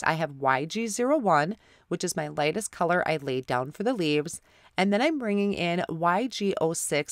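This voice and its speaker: A woman's voice: lowish voice, no room sound, studio quality. Stuffed-up woman narrating a craft tutorial. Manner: apologetic, step-by-step explaining. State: stuffy nose from a head cold. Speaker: card-making channel host.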